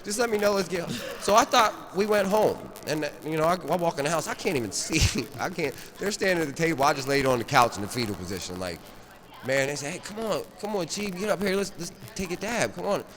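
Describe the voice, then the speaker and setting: A man telling a long, profane story in a rambling, animated way, often laughing at himself. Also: fairly high pitch, quick pace. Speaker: storyteller at a cannabis rally. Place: large stone rotunda, indoors. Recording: echoey rotunda with crowd.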